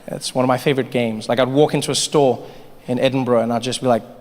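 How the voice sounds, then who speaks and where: A South African man doing stand-up comedy in an animated way, slipping in and out of voices. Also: mid-range voice, quick pace, long reverb tail, slight background noise. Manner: animated, switching between voices. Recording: live theater with audience.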